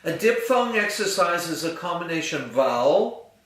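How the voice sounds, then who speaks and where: A man's voice: on the high side, big pitch swings, moderate pace, a bit bright. A man teaching a singing lesson, patiently explaining and demonstrating vowel sounds. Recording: roomy, distant mic with piano.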